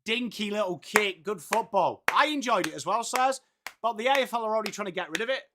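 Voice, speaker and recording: Chatty high-voiced male stream commentator. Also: lively intonation, fast, background noise. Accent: English. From England. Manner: chatty, reads viewer comments aloud, swears casually. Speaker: live stream host commentating football. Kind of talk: casual live watchalong commentary.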